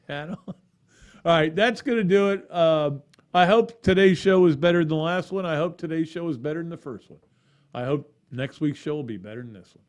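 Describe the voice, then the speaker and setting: A man's voice: a little high, a little mellow. A middle-aged man hosting a casual sports podcast, talking in a chatty, rambling way with restarts and asides. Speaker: podcast host.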